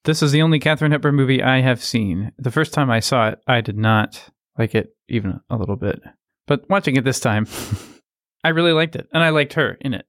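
A man co-hosting a casual film discussion, giving measured opinions. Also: medium pitch, fairly bright tone, dry recording, clean studio sound. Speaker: podcast co-host.

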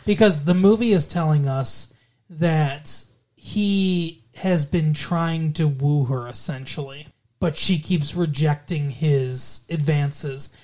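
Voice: medium pitch, slow, darkish tone. Rambling, foul-mouthed podcast co-host. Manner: rambling, swears freely, acts out characters' lines. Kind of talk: casual movie discussion.

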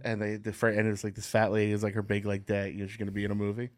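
A comedian on a podcast telling wry stories, with restarts and deadpan quotes from the people in them. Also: male voice, on the low side, very fast, no room sound. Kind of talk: casual comedic chat.

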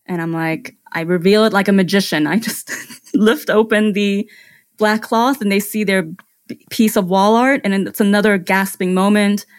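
A woman's voice: medium pitch, fairly even intonation, moderate pace. A woman photographer, a podcast guest, describing her client process step by step with enthusiasm. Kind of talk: conversational interview.

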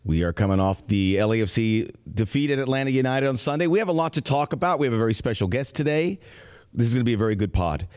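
A man co-hosting a casual sports podcast, joking and animated with quick asides. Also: mid-range voice, smooth, no room sound, clean studio sound. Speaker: podcast co-host.

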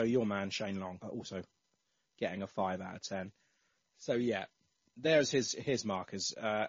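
Male podcast host, breathy tone, dry close sound, slightly dull recording, casual chat. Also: fairly low pitch, no echo. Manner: reads out listener entries with many fillers.

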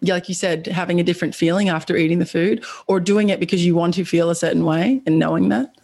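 A woman hosts a podcast interview with a lowish voice. She asks her questions slowly and tentatively, with many fillers. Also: steady tone, darkish tone. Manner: thoughtful, hesitant, frequent fillers. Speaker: podcast host.

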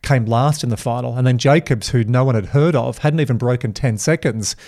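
A man's voice: mid-range voice, fairly quick, a little mellow. A man hosting a podcast, chatting casually and telling stories with enthusiasm. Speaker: podcast host.

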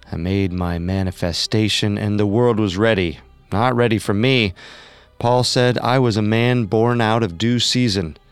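A man's voice: lowish voice, clean tone, no echo, close to an everyday voice. A man playing a doomed, preaching cult leader. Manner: preachy, repetitive, pleading. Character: doomed middle-aged male cult leader, preaching and pleading. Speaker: voice actor in a reenactment. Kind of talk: dramatized reenactment of recorded speech.

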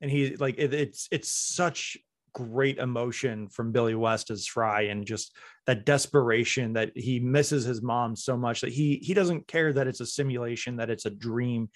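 A man's voice: mid-range voice, moderate pace, no room sound, studio quality. A man hosting a podcast in casual chat, talking in a reflective, earnest way. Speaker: podcast host.

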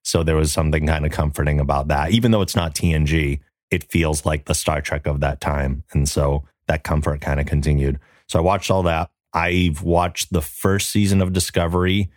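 A man co-hosting a podcast, chatting casually with a deep radio-style voice. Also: steady tone, normal speed, no room sound, studio quality. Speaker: podcast co-host. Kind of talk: casual chat.

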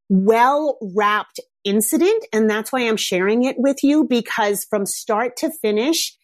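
Speaking with a medium-pitched voice and no echo, a middle-aged mother reflects casually and candidly on a personal story. She livens up whenever she quotes her own words.

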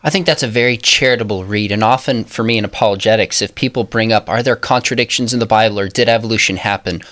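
A man hosting a discussion, responding thoughtfully and posing measured questions. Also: fairly low pitch, fairly bright tone. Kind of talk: interview discussion.

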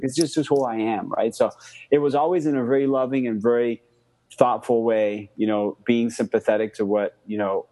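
A man telling a friend's health story in casual storytelling, animated, with many fillers and repeated words. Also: fairly low pitch.

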